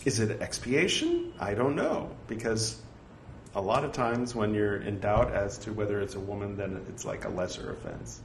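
A man's voice: on the low side, very animated, moderate pace. A man reciting scripture aloud, reading out the punctuation and breaking off for joking, apologetic asides. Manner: reads punctuation aloud, wry self-mocking asides. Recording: echoey room with faint ambient noise.

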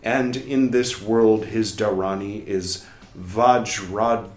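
A man reading a text aloud slowly and deliberately, saying "quote" and "end quote" and pausing now and then to comment. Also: fairly low pitch, fairly even intonation, a little mellow. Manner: pauses to comment on the text with small asides. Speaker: reader of a text on Buddhist mantras. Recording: roomy echo, faint music behind.

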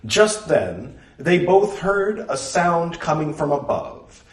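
A man narrating a story in a measured, expressive reading. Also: a little high. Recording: roomy, distant mic.

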